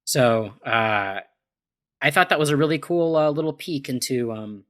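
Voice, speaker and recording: A man's voice: medium pitch, normal speed, fairly bright tone. A man on a casual discussion podcast, thinking aloud with many fillers and restarts. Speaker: podcast panelist.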